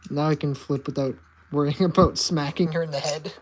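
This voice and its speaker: A woman's voice: low voice, fairly even intonation, fairly quick. A woman chatting casually to her cat in baby talk, cooing and meowing at it, in a vlog. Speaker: vlogger.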